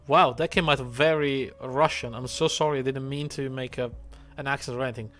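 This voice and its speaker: A man's voice: medium pitch, steady tone, a little fast, few pauses, a bit bright, soft background music. Wry man thinking aloud over a game. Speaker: streamer. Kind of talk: casual gameplay commentary.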